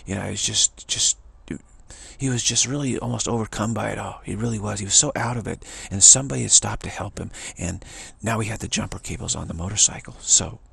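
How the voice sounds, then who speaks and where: Gravelly, raspy man telling a rambling story. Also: a little fast, a bit bright, dry recording. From California. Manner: digressive, repeats words, many "you know" and "like"; acts out other people's quoted voices in a higher pitch. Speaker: vlogger telling a personal story.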